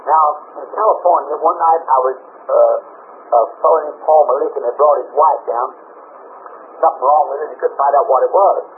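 Folksy rambling male preacher, slightly high voice, lo-fi phone-like tape. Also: brisk. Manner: folksy, rambling, with many restarts and quoted dialogue. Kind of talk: sermon storytelling. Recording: tinny lo-fi tape with faint hiss.

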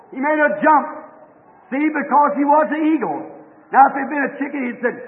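Man preaching, high voice, fervent, tinny old hall recording with long echo. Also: lively intonation, a little fast. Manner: fervent preaching, rising to shouts. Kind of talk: sermon.

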